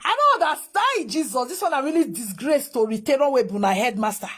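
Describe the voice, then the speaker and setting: A woman's voice: high voice, very animated, a little fast, a bit bright, slightly rough. A woman with a Nigerian accent, ranting in exasperated reaction commentary, mixing Pidgin and English. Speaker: social media commentator.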